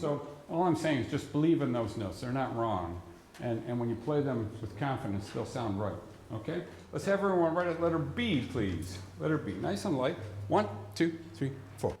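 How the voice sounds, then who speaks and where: A man leads a band rehearsal as conductor, patiently explaining the music and singing rhythms aloud to the players. His voice sits at a middle pitch. It echoes around a large hall, with a faint hum of ambience behind it. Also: big pitch swings, moderate pace, darkish tone.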